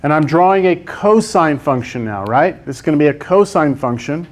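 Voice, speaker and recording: A male math teacher with a slightly high, expressive voice lectures at a moderate pace. He works problems with the class and coaxes them through with quiz questions and plenty of "right?".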